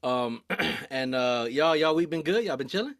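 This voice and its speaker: A man's voice: on the high side, expressive, normal speed, a bit bright, dry recording, studio quality. A man hosting a podcast, casual profane banter and frequent joking. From Michigan. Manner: profane, joking, laughs often. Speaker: podcast host.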